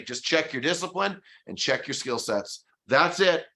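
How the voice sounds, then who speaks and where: With a bright, sharp, slightly high voice, a real estate sales trainer delivers a lively motivational talk and leans hard on his key points. He keeps breaking into rapid quoted dialogues, playing both the agent and the client.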